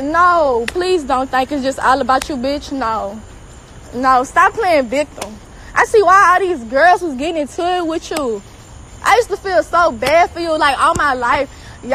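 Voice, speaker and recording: High-voiced woman ranting mad online, cussing nonstop, faint hiss behind her. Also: fairly bright tone, rough recording. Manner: profane, heated, repetitive. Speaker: celebrity girlfriend. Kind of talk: angry social media rant.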